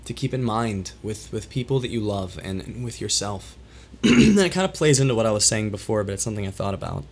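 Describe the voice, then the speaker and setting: A man hosting a solo livestream and talking candidly to his chat, his voice worn as it recovers from being lost, and emotional. He speaks in a halting, reflective way with many restarts. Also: fairly low pitch, animated, creaky, darkish tone. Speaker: livestream host.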